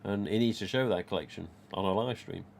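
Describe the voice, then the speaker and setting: A man's voice: on the low side, a little fast, vocal fry, darkish tone, a little hiss or hum. A man, hosting a casual live stream about collectible masks and reading viewer comments aloud in a rambling, chatty way.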